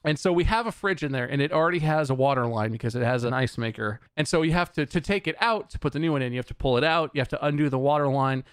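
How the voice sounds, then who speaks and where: A man's voice: medium pitch, fast, few pauses, smooth, dry recording, studio quality. Sarcastic man telling a story, laughing. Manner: exasperated, sarcastic, laughing through anecdotes; swearing freely. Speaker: podcast host. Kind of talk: casual storytelling chat.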